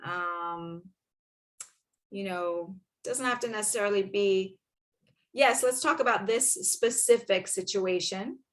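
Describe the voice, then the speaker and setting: A woman hosting an interview, asking gentle, measured questions. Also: mid-range voice. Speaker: host.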